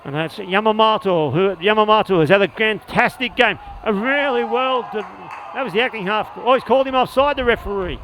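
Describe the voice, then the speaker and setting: A man calling live play-by-play at a sports match, rapid and excitable when a score comes. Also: high-pitched, a little hiss or hum, poor audio. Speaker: play-by-play commentator. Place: outdoor sports venue.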